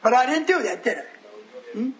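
Preacher man, really high bright voice, fervent, keeps shouting hallelujah. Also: sing-song, brisk, low-quality recording. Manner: fervent, exclaiming hallelujah, call and response. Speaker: pastor. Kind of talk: sermon with storytelling.

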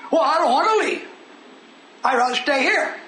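An older man preaching a sermon in a folksy way that rises into shouted fervor. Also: very high-pitched, expressive, normal speed, a little hiss or hum. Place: church meeting hall. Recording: echoey room with congregation.

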